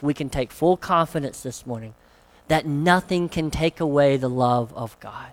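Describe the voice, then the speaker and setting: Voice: mid-range voice, normal speed. A pastor preaching a sermon, emphatic and fond of rhetorical questions.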